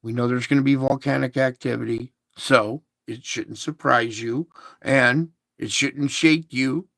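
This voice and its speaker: A man's voice: medium pitch, fairly even intonation, unhurried, vocal fry, fairly bright tone, dry recording, clean studio sound. A man hosting an online show, talking in a casual, preachy monologue with emphatic rhetorical questions, recorded on a phone or laptop.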